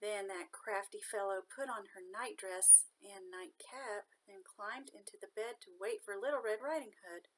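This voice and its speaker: Nanny reading a kids' bedtime story, gentle and expressive. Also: female voice, mid-range voice, moderate pace, hardly any pauses, low-quality recording. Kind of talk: reading a children's storybook aloud.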